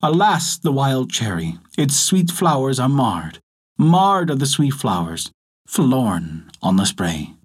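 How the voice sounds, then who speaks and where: A man's voice: medium pitch, big pitch swings, takes it slowly, breathy edge, exaggerated voice. A man voicing a kind wandering ballad singer in a told folktale, easygoing and half-chanting his song. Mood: kindly.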